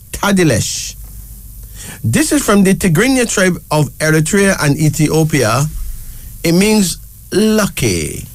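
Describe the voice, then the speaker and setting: A man hosting a casual talk show, slowly spelling out each name letter by letter and repeating words for emphasis. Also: sits high, dry recording. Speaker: show host. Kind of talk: casual talk presenting names.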